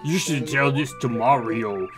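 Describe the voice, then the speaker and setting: A man's voice: mid-range voice, unhurried, music in the background, natural voice. A man voicing a grateful male gourmet chef character in a warbling voice, reading game dialogue aloud.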